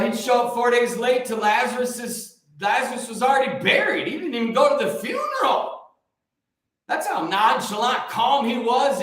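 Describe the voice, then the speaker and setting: High-voiced preacher man in an echoey room. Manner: joking, rambling, animated. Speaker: host and preacher. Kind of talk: casual live preaching talk.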